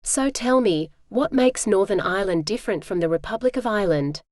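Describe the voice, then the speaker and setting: A woman's voice: mid-range voice, animated, brisk, a little mellow, no room sound, studio quality, lightly acted. A woman voicing a charming young Texan hotelier. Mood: friendly. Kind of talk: audiobook character voice.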